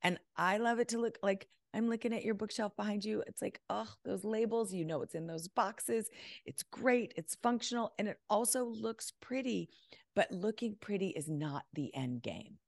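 A woman appears as a guest decluttering expert on a podcast, talking confidently and emphatically over a video call and often acting out her clients' words in a casual interview chat. Her mid-range voice has vocal fry and a normal speed, recorded at studio quality with no echo.

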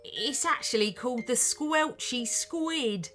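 A woman's voice: high voice, expressive, slow pace, sharp tone, soft background music, full character voice. A woman voicing a weepy, hopeless male pirate captain in a storybook reading, with a blubbering, sniffly manner. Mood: tearful.

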